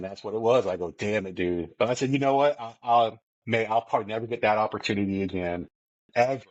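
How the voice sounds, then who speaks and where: Excitable swearing man telling a story. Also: lowish voice, no echo, lo-fi sound. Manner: excited, swearing, retells his own quoted lines. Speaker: podcast co-host. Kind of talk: casual storytelling chat.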